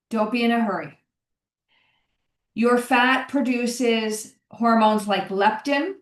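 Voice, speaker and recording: A middle-aged woman hosting a solo podcast, talking in an encouraging, conversational way and often repeating her key phrases. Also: on the high side. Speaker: podcast host, health coach. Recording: roomy, distant mic.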